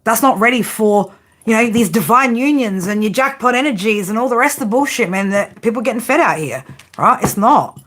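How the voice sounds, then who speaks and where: A woman's voice: on the high side, animated, brisk, a bit bright. Blunt, foul-mouthed woman tarot reader. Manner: blunt, profane, repeatedly asks "right?"; frank tough-love delivery. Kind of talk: tarot reading monologue.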